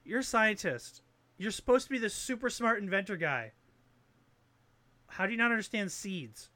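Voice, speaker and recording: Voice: medium pitch, animated, moderate pace, bright, forceful tone, no echo. A speaker ranting about a video game in casual, sarcastic talk, often swearing and restarting sentences. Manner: exasperated, sarcastic and profane; rambling with frequent restarts.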